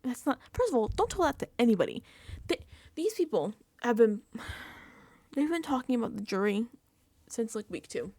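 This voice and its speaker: A woman giving a casual, emphatic reality-show recap and reaction, talking fast with lots of fillers. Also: a little high. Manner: animated, emphatic, filler-heavy chatter. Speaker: recap vlogger.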